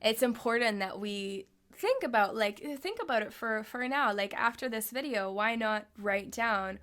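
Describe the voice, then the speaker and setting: A woman's voice: on the high side, lively intonation, moderate pace, few pauses, fairly bright tone. A young adult woman spiritual coach, talking casually and upbeat to camera in a vlog, often saying "like" and "right?". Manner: chatty, upbeat, lots of "like" and "right?".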